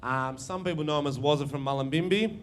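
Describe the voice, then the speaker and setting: A young Australian man doing a crude, brash live stand-up routine, telling stories with quick asides. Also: on the high side. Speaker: stand-up comedian. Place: comedy venue stage.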